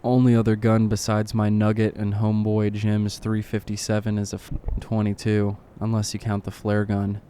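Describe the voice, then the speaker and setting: A man reading a horror story aloud in short clipped lines, keeping his voice low and subdued. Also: completely flat delivery, moderate pace, few pauses, mellow, a little hiss or hum. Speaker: narrator.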